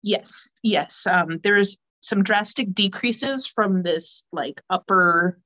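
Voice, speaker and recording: Brief: chatty woman with a frog in her throat, dry close sound, mid pitch. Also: slow, sharp tone, no room sound, rough recording. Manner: chatty, rambling, many fillers. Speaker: guest knitter. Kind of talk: casual knitting podcast chat.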